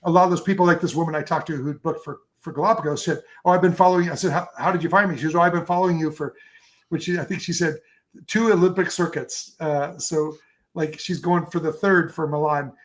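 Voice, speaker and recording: A man's voice: a little high, steady tone, quick pace. A man chatting as a photographer guest in an interview, telling long enthusiastic stories with lots of fillers and restarts. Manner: enthusiastic, rambling storyteller with many fillers. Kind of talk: casual interview chat.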